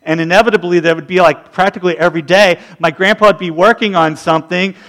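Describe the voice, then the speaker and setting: A man in his forties preaching a sermon, telling animated stories and acting out the people in them. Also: high-pitched, fast talker. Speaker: pastor.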